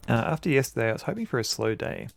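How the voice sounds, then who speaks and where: A man's voice: medium pitch, very animated, rapid-fire, creaky, faint music behind. An Australian man streaming an old adventure game, joking around and reading the game's text aloud into a desk mic. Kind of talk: casual let's-play commentary.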